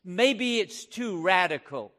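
A man with a notably high voice delivers a fervent sermon in an animated, sharp tone. He fires rhetorical questions at his listeners and slows down to lean hard on key words.

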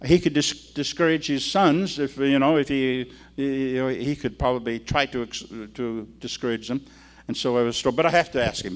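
An older man preaches in a relaxed, folksy manner, as if chatting with his congregation. His voice sits in an ordinary middle pitch, and he slips into the voices of the people in his anecdotes. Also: moderate pace. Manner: folksy, conversational, acts out the people in his stories. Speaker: pastor. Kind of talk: sermon with storytelling.

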